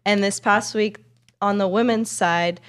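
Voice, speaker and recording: A woman's voice: medium pitch, fairly even intonation, measured pace, clear, resonant tone. A woman reading sports news updates on a talk show, with a friendly delivery. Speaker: news segment reporter.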